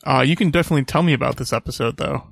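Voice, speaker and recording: A man co-hosting a podcast in easygoing banter, his voice gravelly and fry-laden. His replies are dry and deadpan, close to the mic in a dead, dry room. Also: mid-range voice, very fast, no echo. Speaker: podcast co-host.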